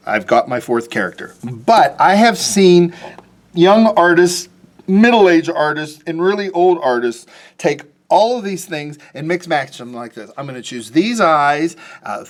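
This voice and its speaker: A man, probably middle-aged, teaching a casual cartooning lesson in a chatty, playful way, with fillers and restarts. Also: on the high side. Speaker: cartoonist teaching a drawing class. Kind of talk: casual drawing lesson for kids.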